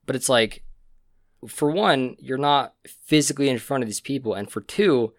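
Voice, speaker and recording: A man's voice: mid-range voice, moderate pace, no room sound, clean studio sound. Rambling young man on a podcast. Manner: rambling storyteller, laughs at own stories. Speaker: podcast co-host. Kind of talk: casual podcast chat. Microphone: podcast mic.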